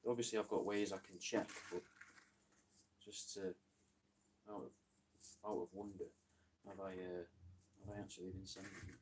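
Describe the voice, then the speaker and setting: A man's voice: sits low, level tone, normal speed, long pauses, slight background noise. A man in casual livestream chat, rambling, joking and swearing while he lists crafts for sale.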